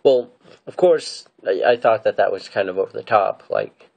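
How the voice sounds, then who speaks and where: A man's voice: fairly low pitch, moderate pace, creaky, darkish tone. A man casually recapping and giving opinions on episodes of a show, rambling and hesitant with many fillers and restarts. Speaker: fan reviewer.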